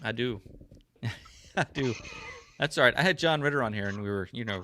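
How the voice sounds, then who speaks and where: A middle-aged American man hosting a casual livestream, upbeat and laughing easily. His voice is bright and forward, with a little noise underneath. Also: mid-range voice, animated, moderate pace, long pauses. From United States. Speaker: podcast host. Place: home garage studio.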